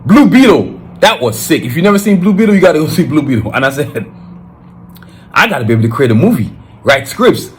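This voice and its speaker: A man's voice: on the high side, very animated, a little fast, slight background noise. A man with a Nigerian accent, hosting his podcast in an emphatic, fired-up solo monologue with frequent restarts. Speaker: podcast host.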